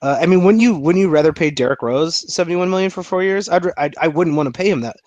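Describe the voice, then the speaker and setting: A man's voice: a little high, fast, darkish tone, no room sound, lo-fi sound. A man co-hosting a casual sports chat, opinionated and playfully indignant. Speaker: podcast co-host.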